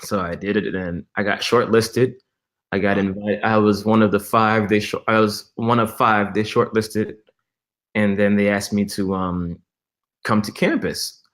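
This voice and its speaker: A man's voice: on the low side, a little slow. A young man, a church musician, telling a story in a casual interview, acting out the dialogue with laughs. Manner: animated storyteller, acts out quoted dialogue with laughs.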